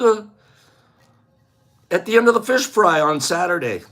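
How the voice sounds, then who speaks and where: A man's voice: sits high, expressive, unhurried, long pauses, a bit bright, faint music behind. A man hosting a casual livestream, chatting and joking playfully with his viewers and laughing often. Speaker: livestream host.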